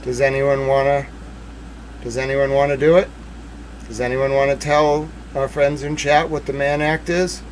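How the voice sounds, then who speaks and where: Excitable man hosting a true-crime livestream. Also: medium pitch, moderate pace, slight background noise, low-quality recording. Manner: theatrical, swings from hushed muttering to shouting. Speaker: livestream host.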